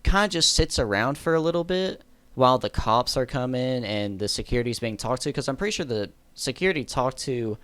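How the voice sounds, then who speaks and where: A man's voice: medium pitch, animated, brisk, a bit bright, smooth, no echo. A man telling a story in a casual storytime monologue, rambling, correcting himself and laughing at his own story. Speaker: storyteller vlogger.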